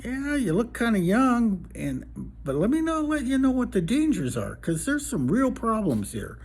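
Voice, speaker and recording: A man's voice: very high voice, wildly swooping pitch, moderate pace, darkish tone, husky, voice pushed up, full character voice. A man voicing an older frontier saloon owner who drawls out a warning.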